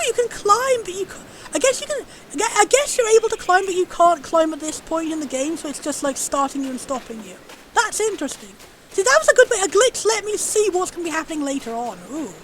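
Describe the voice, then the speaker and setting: A woman streaming a game, gushing with excitement and commenting on everything she sees. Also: very high-pitched, noisy background. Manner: bubbly, gushing, easily excited. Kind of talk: live gameplay commentary.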